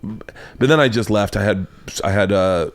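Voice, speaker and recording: Animated, swearing American storyteller man. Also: lowish voice, measured pace. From United States. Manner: animated storyteller, swears freely, puts on voices. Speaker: podcast host. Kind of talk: casual chat, storytelling.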